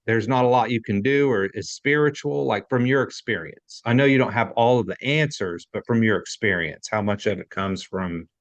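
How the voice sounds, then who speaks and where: A man's voice: lowish voice, normal speed, hardly any pauses, no echo. A man hosting an interview, asking long, candid, rambling questions. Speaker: podcast host. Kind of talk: conversational interview.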